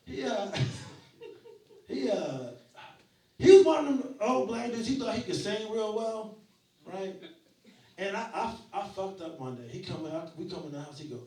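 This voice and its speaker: A man in his forties works through a stand-up set, his voice sitting high and his storytelling loose and full of profanity. The club sound is heavily roomy, and the mic is picking him up from some distance. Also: animated, moderate pace, mellow. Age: 40s. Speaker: stand-up comedian. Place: small comedy venue.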